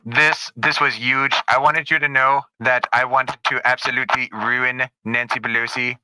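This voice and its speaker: A man's voice: medium pitch, flat delivery, normal speed, sharp tone, smooth, no room sound, rough recording. A man half-imitating a boastful politician. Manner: admits he cannot do the voice, half-hearted. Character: impression of a boastful male politician.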